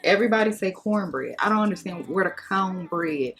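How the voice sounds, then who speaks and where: With faint music in the background, a woman from the United States does a casual get-ready-with-me chat as a beauty vlogger. Her mid-range voice is a bit bright, fairly quick and lively in intonation, and her manner is sassy and outspoken, full of emphatic remarks.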